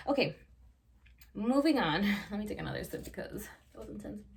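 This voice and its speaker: A young woman in her twenties talks to camera in a casual Q&A, rambling through stories, peppering everything with "like" and tossing in swear words. Her voice sits at a medium pitch and comes from a little way off the mic. A faint hum of room ambience stays underneath. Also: distant mic. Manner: chatty, says "like" constantly, swears freely. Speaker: vlogger. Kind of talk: casual Q&A storytelling.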